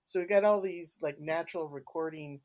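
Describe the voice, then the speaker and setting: A woman guest on a podcast, a paranormal investigator talking in a chatty, animated way and laughing between points. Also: low voice, brisk. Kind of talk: casual conversational storytelling.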